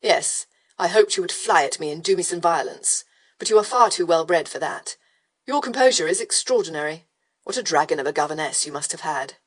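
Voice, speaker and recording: A woman's voice: on the low side, animated, fairly quick, pitched below the performer's own voice. A woman doing a lazy, mocking aristocratic rake. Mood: teasing drawl. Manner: drawling, mocking, smoothly provocative. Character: arrogant, lazily teasing male aristocrat rake. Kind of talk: audiobook character voice.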